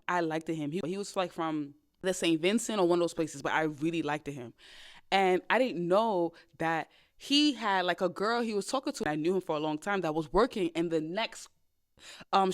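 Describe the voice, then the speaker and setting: A young woman hosting a podcast, telling dating stories in a casual, animated way, with loud outbursts and low asides. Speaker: podcast host. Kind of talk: casual storytelling chat.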